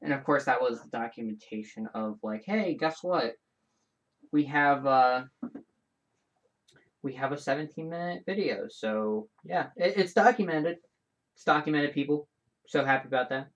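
A man hosting his own show in a casual, rambling solo chat, animated and full of restarts and side comments. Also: medium pitch. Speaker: show host.

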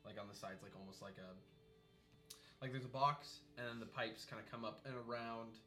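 A man's voice: medium pitch, fairly even intonation, moderate pace, sharp tone, soft background music. A man narrating a tabletop game as game master, describing scenes in a loose, rambling way with many fillers.

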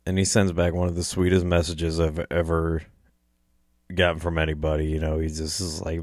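A man's voice: deep voice, completely flat delivery, moderate pace, darkish tone, no echo, studio quality. A young man telling an emotional story about a friend, choking up and swearing, laughing through the tears. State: choked up, close to tears. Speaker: hunting personality.

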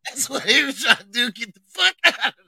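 A high-pitched man with a gravelly edge trades family stories in casual podcast chat. He laughs often and uses crude slang, and his tone is piercingly bright. The sound is dry and close. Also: animated, a little fast, dry recording, low-quality recording. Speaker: podcast co-host.

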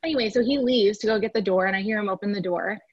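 A woman's voice: mid-range voice, quick pace, breathy edge, dry recording. A woman, a podcast guest, recounting a personal story in a chatty way, full of "like" and "you know". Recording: dry, slightly dull recording.

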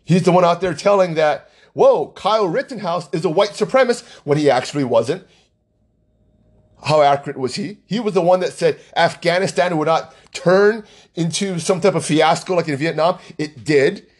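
A man's voice: on the high side, normal speed. A man ranting about politics in an agitated, angry way, often repeating himself. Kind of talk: heated political rant.

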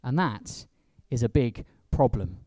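Guy leading a church service, very animated voice, dry close sound. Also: mid-range voice, slow pace, no echo. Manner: expressive, acts out quoted lines with big rises in voice. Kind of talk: sermon.

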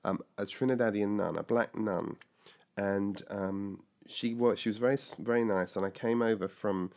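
Older english man, animated storyteller. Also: fairly low pitch, normal speed, vocal fry. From England. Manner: animated storyteller, acting out voices of people in his past. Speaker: guest telling his life story. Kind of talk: conversational storytelling.

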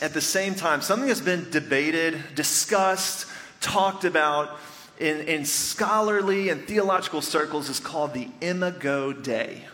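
Before his congregation in the church sanctuary, a pastor in his thirties delivers a chatty, storytelling sermon, joking with the crowd in a fairly high, bright, forceful voice. A long reverb makes it sound like he's filling a large church hall.

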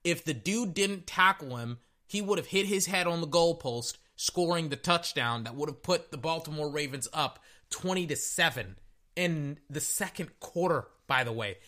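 A man hosting a sports podcast and ranting in a blunt, casual way. He swears freely and keeps circling back to the same point. His voice sits a little high and rings bright and forceful. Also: lively intonation, normal speed. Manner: blunt, profane, repeats himself. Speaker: podcast host. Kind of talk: casual sports reaction rant.

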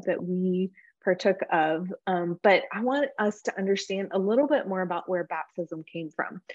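A woman teaches a Bible study in an easygoing, conversational voice, pausing often on filler words as she explains and reads passages aloud. Her pitch sits in the middle for a woman. The recording sounds a little dull and lo-fi. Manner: relaxed, frequent filler words. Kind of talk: conversational teaching with scripture reading.

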